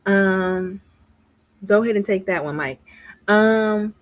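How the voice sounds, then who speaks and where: A woman talks through a reality TV episode in loose, casual commentary. She is outspoken and blunt, drops curses freely and jumps into animated impressions of the cast. Her voice sits at an ordinary middle pitch. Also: slow pace. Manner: animated, acts out what others said. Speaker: reality TV reviewer.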